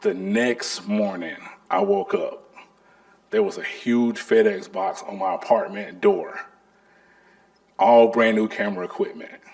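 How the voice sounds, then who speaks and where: Gravelly, lively man telling stories. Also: on the low side, a little slow. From North Carolina. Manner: animated, acts out the people in his stories. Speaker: artist giving a talk. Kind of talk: storytelling lecture.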